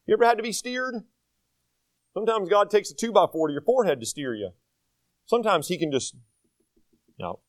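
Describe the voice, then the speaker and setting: A man's voice: high-pitched, animated, brisk, pauses often, no room sound. An older man preaching a sermon as pastor, folksy and self-deprecating, asking the congregation rhetorical questions.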